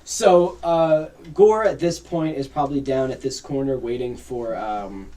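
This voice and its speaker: A man narrating as game master of a tabletop game, lively and full of character voices. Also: mid-range voice, measured pace, distant mic. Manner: animated, jumps into character voices.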